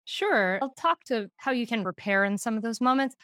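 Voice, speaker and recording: A woman's voice: on the high side, lively intonation, normal speed, a bit bright, smooth, no room sound, studio quality. A woman talking about parenting as a podcast guest. She tells stories with animation and laughs often. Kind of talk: podcast conversation.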